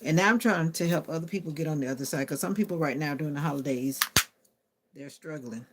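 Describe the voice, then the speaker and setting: A woman's voice: sits low, quick pace, heavy background noise. A woman chatting casually on a live stream, answering viewer comments aloud and talking to her phone. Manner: talks to her phone assistant.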